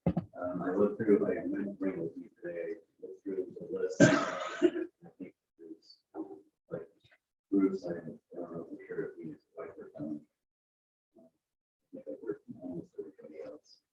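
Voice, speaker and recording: A man talking hesitantly at a meeting, full of pauses and fillers. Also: sits low, level tone, a little mellow, slight background noise. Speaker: meeting member. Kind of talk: casual meeting talk. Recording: distant roomy dull meeting recording.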